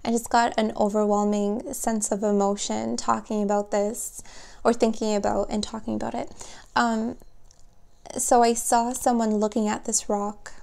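A woman giving a spoken tarot reading, gentle and emotional, speaking softly and warmly to her viewers. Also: on the high side, little pitch movement, creaky. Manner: slow, soft, gentle and emotional. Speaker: tarot reader.

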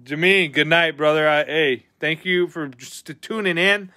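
A man hosting a live card-opening stream, chatting casually with viewers, excitable and often swearing as he reacts to each pull. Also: on the high side, a little slow, dry recording, studio quality.

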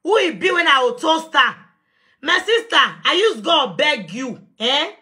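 Nigerian woman, young adult, heated live rant, high and bright, confrontational, phone mic. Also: animated, unhurried. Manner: confrontational, defiant, shouting at times. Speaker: live-stream host.

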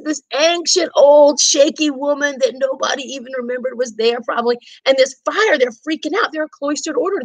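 A woman's voice: sits high, dry recording, poor audio. Chatty woman tour guide storytelling. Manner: animated, chatty, acts out quotes. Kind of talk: casual historical storytelling on a live stream. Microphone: phone or camera on a live stream.

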